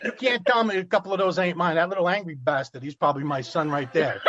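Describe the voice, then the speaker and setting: A crude, loud-mouthed man tears through a roast, his high voice jumping all over in pitch. The recording carries steady background noise. He drops into mock carol lines between his barbs. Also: brisk. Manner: crude, brash, sings mock carol snippets. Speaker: roast comedian. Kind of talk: profane roast stand-up. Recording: noisy podcast recording.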